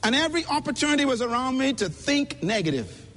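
A man's voice: very high voice, big pitch swings, fast talker, fairly bright tone. A man giving an emphatic, preacher-like motivational speech at a conference, speaking directly to the audience, recorded in a reverberant hall.

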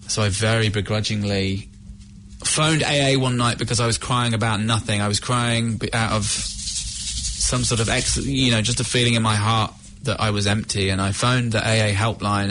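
A middle-aged man from the UK telling his own recovery story in a candid, halting, reflective way. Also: fairly low pitch, a bit bright, slight background noise. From United Kingdom. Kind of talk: personal testimony.

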